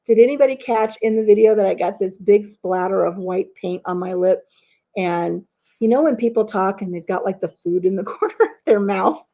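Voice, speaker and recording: A woman's voice: medium pitch, normal speed, dark tone, muffled recording. A middle-aged woman hosting a casual live stream from home, rambling through stories, reading viewer comments aloud and laughing at her own tales. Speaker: host of a live chat stream.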